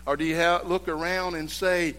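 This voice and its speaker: A man preaching a sermon, moving between loud, emphatic exhortation and hushed, quiet storytelling. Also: on the high side, flat delivery, normal speed, slight background noise.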